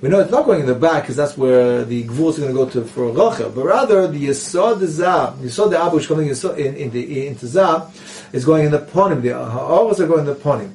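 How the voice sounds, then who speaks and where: A man's voice: a little high, animated, brisk, darkish tone. A man teaching a Kabbalah lesson, reading Hebrew passages aloud and explaining them in English, often asking rhetorical questions. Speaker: Torah teacher. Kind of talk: Kabbalah text study lesson. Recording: voice picked up from a distance.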